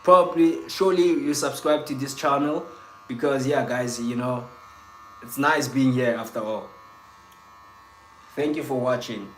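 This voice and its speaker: A man's voice: mid-range voice, measured pace, long pauses, fairly bright tone, reverberant, a little hiss or hum. A young man from South Africa hosting a casual livestream, chatty and teasing as he greets viewers by name. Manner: reads viewer comments aloud, chatty and teasing. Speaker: livestream host.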